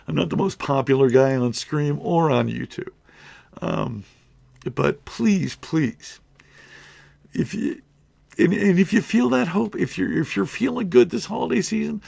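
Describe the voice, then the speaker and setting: This is a middle-aged man's voice, slightly high, gravelly and a touch rough. As a YouTuber, he gives an emotional, earnest direct-to-camera talk, wandering off track and starting over repeatedly.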